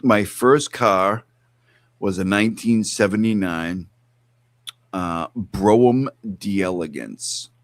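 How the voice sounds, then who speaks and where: A middle-aged man in a relaxed chat, telling stories with animated asides and plenty of swearing. His voice sits low, and the sound is dry and close. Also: slow pace, no echo. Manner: animated storyteller, swears freely, acts out bits. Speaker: podcast host. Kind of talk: casual chat.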